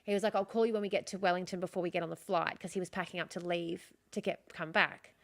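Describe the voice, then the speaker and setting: A woman's voice: fairly low pitch, fairly even intonation, fast talker. An Australian woman hosting a livestream, frankly retelling a personal story in long run-on sentences and repeating herself for emphasis. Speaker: streamer host.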